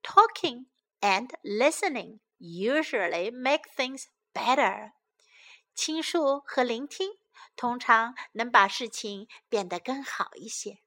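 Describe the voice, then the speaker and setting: A woman reading a children's story aloud in English and Chinese, then slowly repeating key phrases for young learners. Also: fairly high pitch. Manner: slow, clear, lively, repeats each phrase. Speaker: bilingual children's story teacher. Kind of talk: reading a picture book and drilling phrases.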